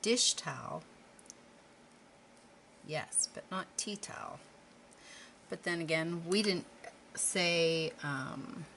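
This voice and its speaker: A middle-aged woman talks in a low register. Her talk is chatty and rambling, with self-deprecating asides as she paints. A faint noise floor sits under her voice. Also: a bit bright. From Western Pennsylvania. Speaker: craft vlogger. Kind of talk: casual chat while painting.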